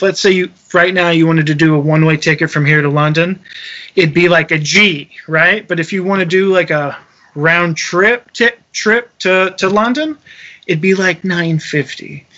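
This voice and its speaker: Young man, high voice, casual storytelling, profane, animated, lo-fi recording. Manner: animated, swears freely, acts out quotes. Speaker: touring musician telling a story.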